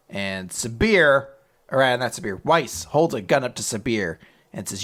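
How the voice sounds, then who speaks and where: A man casually recapping a comic chapter, swearing freely and slipping into quick silly voices for the characters. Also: medium pitch, lively intonation, a bit bright. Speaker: podcast co-host recapping manga. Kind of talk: casual chat.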